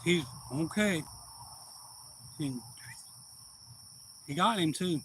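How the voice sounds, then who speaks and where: A man telling a long story casually on a live stream, acting out quoted voices loudly. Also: on the high side, drawn-out words, background noise.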